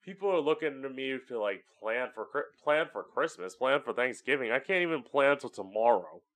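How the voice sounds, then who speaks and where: A man's voice: mid-range voice, expressive, moderate pace, a bit bright. A man hosting his own podcast from home, talking in a candid, chatty way and swearing freely. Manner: chatty and candid, swears often, acts out voices for effect. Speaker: podcast host. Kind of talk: casual solo podcast monologue.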